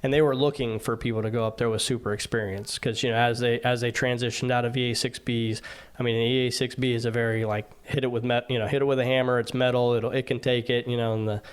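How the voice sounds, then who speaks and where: A man's voice: mid-range voice, level tone, quick pace, clean tone. A man, a former navy aviation sailor, telling stories in a casual interview, rambling with many fillers and restarts.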